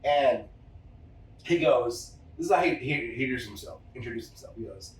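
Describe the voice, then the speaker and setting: A man's voice: medium pitch, brisk. A man hosting a podcast, telling a casual story with lots of swearing and acting out the people in it. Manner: animated, profane, acts out other people in anecdotes. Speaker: podcast host. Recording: roomy room, distant mic.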